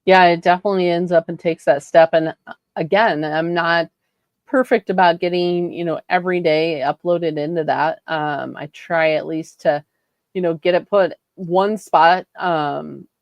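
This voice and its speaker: Brief: woman podcast co-host, lowish voice, dry, slightly dull recording, easygoing and agreeable. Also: steady tone, moderate pace, no echo. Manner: soft-spoken, agreeable, frequent "um" and "right?". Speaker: podcast co-host and health coach. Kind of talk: casual podcast chat.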